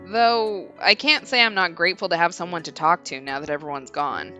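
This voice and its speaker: A woman's voice: lowish voice, fairly quick, bright, forceful tone, highs cut off, soft background music. Woman reading as an anxious haunted lord. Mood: uneasy. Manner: reading game narration aloud. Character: haunted young male lord, anxious and weary.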